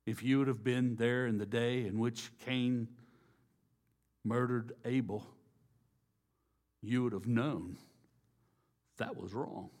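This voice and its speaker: A man preaching a sermon, slow and deliberate, dropping to a hush on key phrases. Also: mid-range voice, fairly even intonation. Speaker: pastor.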